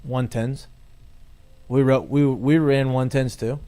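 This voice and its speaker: A man who played baseball, recalling conditioning drills in a halting, easygoing way during casual podcast chat. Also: medium pitch, fairly even intonation, mellow.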